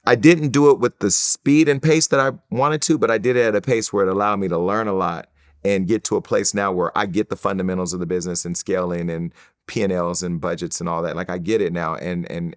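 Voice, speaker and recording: A middle-aged man tells a story as an interview guest, and his voice sits on the low side. He talks in an animated way, curses freely and acts out what other people said. The room sounds dry and close. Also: gravelly, no room sound.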